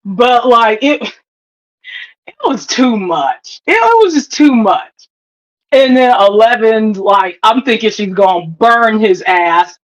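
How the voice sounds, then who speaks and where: Woman, fairly high voice, unhurried delivery, casual review chat, emphatic, swears, acts out her reactions. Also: animated, poor audio. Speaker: co-host of a TV review show.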